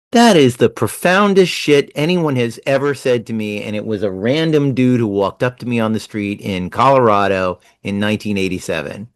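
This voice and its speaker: A man in his sixties from New Jersey, telling stories fast and animatedly as a guest in a casual interview. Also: on the low side, no echo. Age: 60s. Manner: fast-talking, animated storyteller. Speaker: guest writer.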